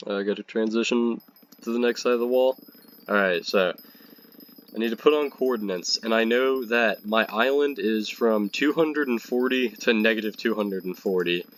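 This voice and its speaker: Male, young, stuffy nose, sick, lowish voice, rambling gameplay commentary. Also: moderate pace. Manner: rambling, chatty, self-mocking. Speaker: gaming video creator. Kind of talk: casual commentary while playing a game.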